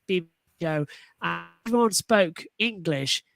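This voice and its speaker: A woman's voice: lowish voice, a little slow, creaky. Enthusiastic woman gushing on a panel. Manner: enthusiastic, animated, frequent restarts. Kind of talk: casual panel discussion.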